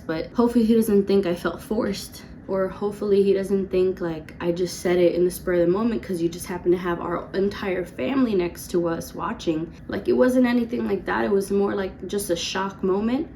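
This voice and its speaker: Woman, twenties, chatty storytime vlogger, filler-heavy and animated, faint hiss behind. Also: mid-range voice. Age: 20s. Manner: chatty, lots of "like", quick laughs. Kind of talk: casual storytime vlog.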